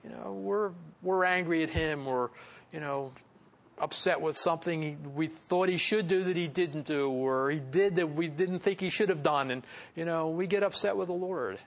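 A male pastor teaching a Bible passage in a relaxed, talky manner, breaking into small chuckles and leaning on fillers as he explains. His voice sits a little higher than most men's. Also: normal speed. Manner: conversational, chuckling asides, frequent "you know" fillers. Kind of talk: expository sermon.

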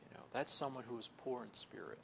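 A man preaching a conversational sermon, leaning on "you know" and stretching key words slowly before dropping to a soft, low close. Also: creaky, a little hiss or hum. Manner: folksy, fills pauses with "you know". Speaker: pastor or Bible teacher.

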